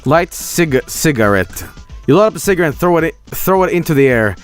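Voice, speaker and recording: High, lively male streamer reading aloud. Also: fairly quick, faint music behind. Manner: animated, swearing, breaking into laughter. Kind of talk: reading an AI text adventure aloud.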